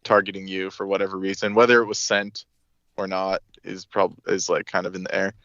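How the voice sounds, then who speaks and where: A man's voice: low-pitched, flat delivery, a bit bright, highs cut off, slight background noise. Tired, hesitant male caller. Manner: halting, hesitant phrasing. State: tired from lack of sleep. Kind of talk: casual call-in chat.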